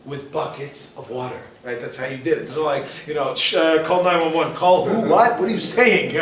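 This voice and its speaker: A man teaching a class as a rabbi, his voice sitting a bit high and full of teasing questions for the crowd. He is picked up from some distance in a roomy hall. A faint ambience hums behind him. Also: fairly quick, few pauses. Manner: joking, questions the audience directly. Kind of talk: lively class to a live audience. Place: lecture hall with audience.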